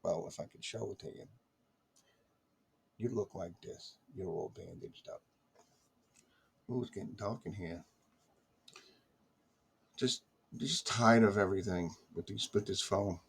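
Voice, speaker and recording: An American vlogger, a man with a low, slightly rough, creaky voice, speaks unhurriedly and pauses often. Talking straight to camera in a casual, exasperated rant, he grumbles and keeps repeating his complaints.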